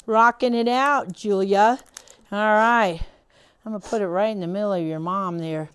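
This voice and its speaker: A woman's voice: mid-range voice, moderate pace, no room sound. A woman trainer leading a staff training session, talking in a casual, encouraging way with frequent fillers. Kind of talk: instructional talk to a staff team.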